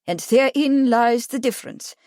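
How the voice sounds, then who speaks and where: Woman narrator doing a smooth monocled count, bit higher than her usual voice, dry close sound. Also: animated, moderate pace, a little mellow, dry recording. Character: suave monocled Bavarian count, aristocratic man.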